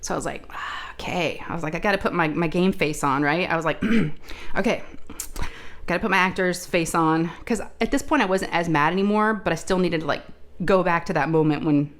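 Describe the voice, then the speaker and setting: A woman with a slightly low voice chats casually to her viewers, retelling a family story. She talks in a loose, animated way, full of fillers and side remarks, like a crafting host catching up with her audience. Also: quick pace, hardly any pauses. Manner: chatty, animated retelling with many asides and fillers.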